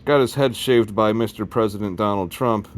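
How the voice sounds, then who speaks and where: A man with a fairly low voice and a Midwest American accent talks casually to his viewers at a moderate pace. He's a video host doing relaxed vlog commentary, rambling from one joking aside to the next.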